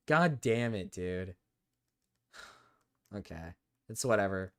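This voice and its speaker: A man's voice: on the low side, expressive, slow, pauses often. A young man with a cold, swearing and complaining in frustration as he commentates a live gaming stream. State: sick with a cold.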